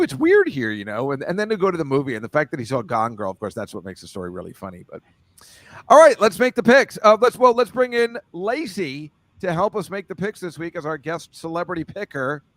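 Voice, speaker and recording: A man's voice: medium pitch, no echo. A man hosting a casual football picks chat over a video call, rambling loosely and laughing often. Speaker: host.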